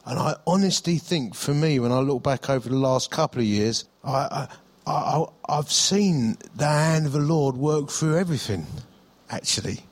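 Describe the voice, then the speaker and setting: A man's voice: a little high, expressive, normal speed. A middle-aged male pastor, preaching in a chatty storytelling way, with self-deprecating humour and frequent restarts. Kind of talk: sermon.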